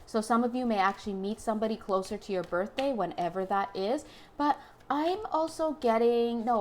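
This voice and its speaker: A woman's voice: mid-range voice, slight background noise. A young woman doing a casual tarot reading to camera, chatty and joking, laughing often. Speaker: tarot reader.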